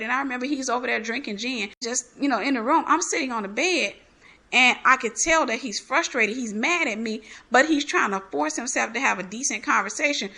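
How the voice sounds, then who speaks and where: A woman's voice: sits high, pushed and bright. A woman giving a candid personal testimony, telling her story animatedly and acting out the dialogue. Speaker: ministry host giving testimony.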